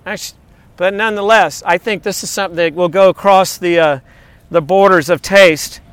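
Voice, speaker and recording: A man's voice: high-pitched, normal speed, smooth, dry recording. A middle-aged male pastor preaching a sermon with energy, breaking into sung worship lyrics and quoting texts from friends. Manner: animated, sings along and speaks lyrics.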